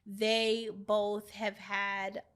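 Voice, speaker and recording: Middle-aged woman on a podcast, earnest and steady, bright clear voice. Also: mid-range voice. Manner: earnest, measured, speaks with conviction. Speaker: podcast guest. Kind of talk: candid interview talk.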